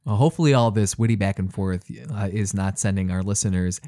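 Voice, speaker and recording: A man's voice: fairly low pitch, fairly quick, dark tone, no room sound, clean studio sound. A man co-hosting a casual podcast, chatting in a rambling way with lots of fillers and restarts. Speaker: podcast co-host.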